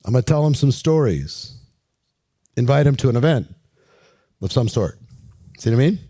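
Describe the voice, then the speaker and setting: A man coaching recruiters in an energetic, direct way, often asking his listeners questions while walking around. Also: medium pitch, normal speed, no room sound. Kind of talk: coaching talk with acted pitch demos.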